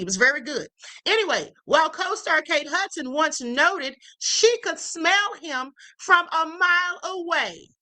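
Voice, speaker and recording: A high-sitting female voice, pushed and bright, over poor audio. This livestream host dishes on celebrity gossip in a sassy, casual way, often finishing lines with "okay?" and "honey."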